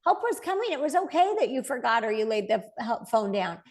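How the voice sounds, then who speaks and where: A woman in her forties, speaking as a guest in a conversational interview. Her voice sits a little high and carries a gravelly fry. She tells her stories with energy and slips into other people's voices as she quotes them. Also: animated, a little fast. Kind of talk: conversational storytelling.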